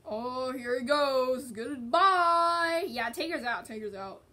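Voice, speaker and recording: A woman hosting a gaming video, excitedly reacting to a match and chatting in voices for her stuffed animals. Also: high voice, slow pace, a little hiss or hum. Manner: excitable, squealing and groaning at the game. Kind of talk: playful game commentary with toy voices.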